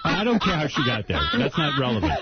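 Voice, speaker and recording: A man's voice: fairly high pitch, very animated, fast, over loud music. Male radio host with a swooping voice. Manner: pushy, teasing questioner. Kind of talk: radio talk show banter. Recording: dull, noisy radio broadcast.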